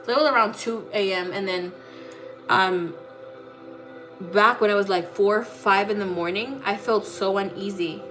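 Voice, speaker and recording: Woman vlogger, blunt and profane, replays conversations as she tells them; music bed clearly audible. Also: medium pitch, unhurried, a bit bright. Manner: blunt, profane, retells dialogue animatedly. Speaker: psychic tarot reader. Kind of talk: candid personal storytelling. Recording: clear music playing under voice.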